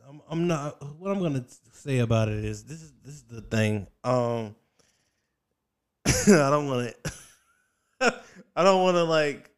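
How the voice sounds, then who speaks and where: Young male comedian guest, mid-pitched, rambling and laughing, casual. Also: expressive, measured pace, pauses often, smooth. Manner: rambling, laughs often, uses fillers. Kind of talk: casual podcast chat.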